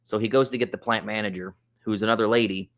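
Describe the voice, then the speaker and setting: Guy with a lowish voice, podcast guest, laid-back chatty storytelling, lots of likes and uhs. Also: quick pace. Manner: relaxed, chatty, with lots of fillers like "like" and "uh". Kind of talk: casual storytelling.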